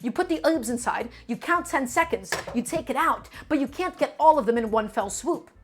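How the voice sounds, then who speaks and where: A woman's voice: high voice, animated, normal speed, breathy edge, faint music behind. A woman streaming a cooking demonstration, explaining technique emphatically and repeating her points to viewers.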